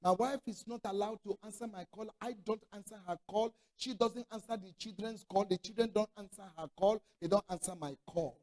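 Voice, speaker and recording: A man's voice: sits high, fairly quick, hardly any pauses, darkish tone. A middle-aged male pastor preaching a sermon, telling stories with acted-out dialogue and throwing rhetorical questions to the congregation. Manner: storytelling preacher who acts out quoted dialogue.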